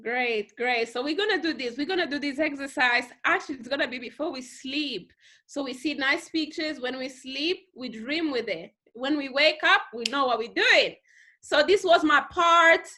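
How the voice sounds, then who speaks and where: A high, bright woman's voice gives a motivational talk to her team over a video call. She talks with heavy emphasis, repeats phrases to drive them home, and now and then mimics other people in squeaky voices. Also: normal speed. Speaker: team leader on a group call.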